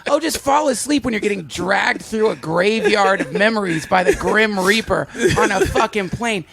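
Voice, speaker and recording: A man hosting a podcast, telling vivid, animated stories in casual chat. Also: high-pitched, normal speed, vocal fry, a crowd in the background. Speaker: podcast host.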